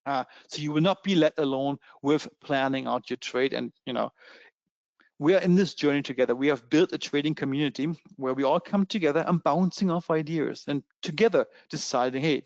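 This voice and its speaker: A man with a German accent giving a fast, eager sales pitch in a trading webinar, with many fillers. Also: a little mellow, no room sound, highs cut off. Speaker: webinar presenter.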